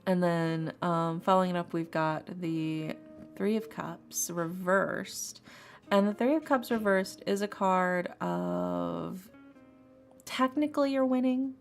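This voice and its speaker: A woman's voice: lowish voice, takes it slowly, vocal fry. A woman streamer doing tarot readings in a rambling, chatty way, laughing often and repeating herself. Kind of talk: casual live-stream chat. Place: home streaming setup. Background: faint lofi music.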